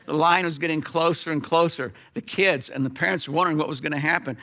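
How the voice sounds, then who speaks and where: Animated high-voiced man preaching. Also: quick pace, few pauses. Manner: animated storyteller, sudden drops to a hush. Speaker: pastor. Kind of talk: storytelling sermon.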